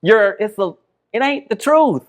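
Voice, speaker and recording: A man's voice: sits high, lively intonation, measured pace. A male guest riffing emphatically in casual slang-filled chat, often laughing.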